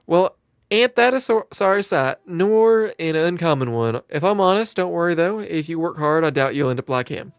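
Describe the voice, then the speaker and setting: A man's voice: on the high side, lively intonation, moderate pace, clear, resonant tone, dry recording, clean studio sound, pitched above the performer's own voice. A man voicing a shrewd, teasing middle-aged woman innkeeper with a put-on Southern drawl, reading game dialogue and tripping over words. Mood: folksy. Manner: homey turns of phrase, stumbles over words while reading.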